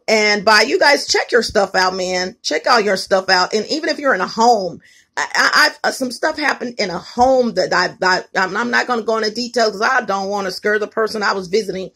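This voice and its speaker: A woman with a medium-pitched, somewhat bright voice, a breathy edge and lively intonation vlogs at a moderate pace. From her home kitchen on a phone, she speaks directly and emphatically to viewers, repeating herself.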